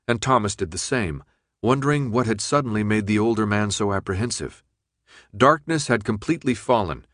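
A man reading a novel aloud in even, measured scripted narration. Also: lowish voice, no echo, studio quality. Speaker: audiobook narrator.

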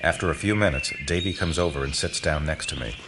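A man's voice: very deep voice, quick pace, noisy background. A man narrating an audiobook in the first person, telling the story expressively. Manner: expressive storytelling that voices the boys.

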